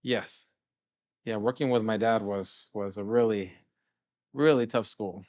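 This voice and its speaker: A man's voice: on the low side, unhurried, no room sound, clean studio sound. A middle-aged man from California, a chef and guest on an interview show, telling stories casually and acting out dialogue. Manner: animated storyteller, often acts out quoted dialogue. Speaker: chef and restaurant owner, guest.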